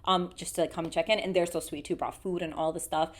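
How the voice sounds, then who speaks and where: A woman's voice: lowish voice, steady tone, fast talker. A woman in her thirties co-hosting a podcast from a home studio, chatting casually, laughing often and swearing freely. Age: 30s. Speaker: podcast co-host. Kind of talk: casual chat.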